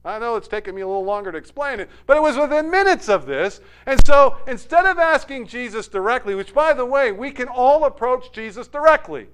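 A man preaching with a high, smooth voice. He retells the scene dramatically, building up loud for emphasis and then dropping soft and low. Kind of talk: sermon.

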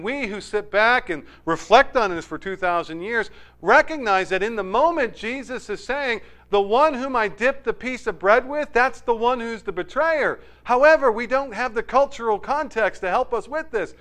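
High, smooth-voiced male preacher. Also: expressive, moderate pace, hardly any pauses, fairly bright tone. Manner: dramatic retelling, voice rising to emphasis and dropping low. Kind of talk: sermon.

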